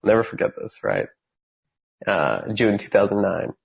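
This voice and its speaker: A husky-voiced man in his thirties tells his story on a podcast. He talks with lots of energy and acts out the voices of the people in it. The recording sounds slightly dull. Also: fairly low pitch, moderate pace. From California. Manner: animated storyteller who acts out quoted voices. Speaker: guest.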